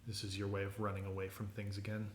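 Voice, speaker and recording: A man's voice: fairly low pitch, monotone, fast, roomy sound, a little hiss or hum, close to an everyday voice. A man playing a spiteful accusing woman.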